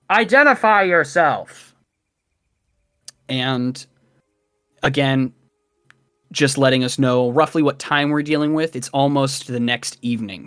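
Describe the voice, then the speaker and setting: A young man narrating a tabletop game as dungeon master in an unhurried, descriptive way. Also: mid-range voice, smooth, no echo, clean studio sound.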